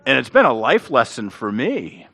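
A man's voice: medium pitch, normal speed. A middle-aged man, a pastor and author, telling stories about his faith and acting out the voices of the people in them. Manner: animated storyteller who acts out quotes. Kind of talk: storytelling in a faith interview.

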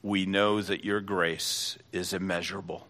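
A middle-aged man preaching with a low, weighty voice. He builds fervently to loud peaks, then softens to a quiet, earnest prayer. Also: flat delivery, a little slow. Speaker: pastor. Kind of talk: sermon.

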